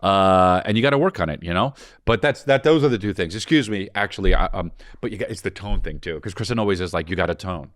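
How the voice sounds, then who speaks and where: A man's voice: low-pitched, quick pace, hardly any pauses, fairly bright tone, dry recording, clean studio sound. A man co-hosting a comedic advice podcast, rambling and joking as he talks. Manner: rambling, jokey. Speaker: podcast co-host and touring comedian. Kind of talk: casual comedic chat.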